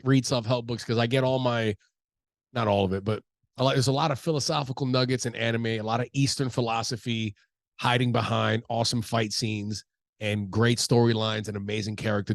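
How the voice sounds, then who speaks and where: A man's voice: medium pitch, no room sound. A man in his thirties, stuffy from allergies, talking casually and profanely in a loose, rambling way as a comedian hosting his own show. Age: 30s. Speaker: comedian podcast host. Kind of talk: casual solo talk.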